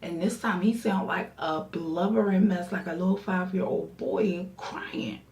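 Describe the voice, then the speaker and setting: A young woman vlogger telling a casual story, animated and acting out her friends' voices. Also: lowish voice, unhurried. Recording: roomy echo, distant mic.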